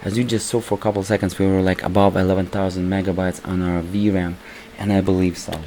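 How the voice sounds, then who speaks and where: A man with a voice worn hoarse from recording, casually commenting over his gameplay as a PC gaming channel host and calling his viewers "guys". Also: low-pitched, flat delivery, quick pace, warm tone, a little hiss or hum, low-quality recording. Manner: keeps calling the viewers "guys", rambling with restarts.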